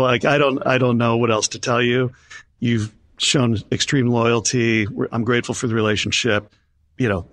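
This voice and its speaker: A man's voice: mid-range voice, a bit bright, dry recording. An older man, a concert promoter, telling stories in an interview and acting out the voices of people he quotes. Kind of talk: storytelling in an interview.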